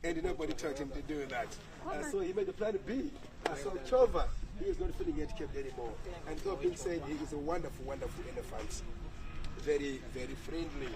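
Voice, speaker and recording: Male guide, high voice, encouraging and explanatory, outdoor live tour, crowd noise around. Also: animated, brisk, rough recording. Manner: encouraging, praising, explaining to visitors. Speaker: elephant sanctuary guide. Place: outdoors at an elephant sanctuary. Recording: outdoor crowd chatter in background. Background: visitors chatting nearby.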